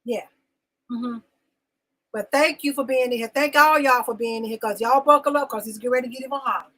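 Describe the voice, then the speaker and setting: Fairly quick and a bit bright, this slightly high female voice comes through poor audio. She's venting on a live talk show segment she hosts, emotional and insistent, greeting viewers by name and repeating herself for emphasis throughout the live-stream monologue.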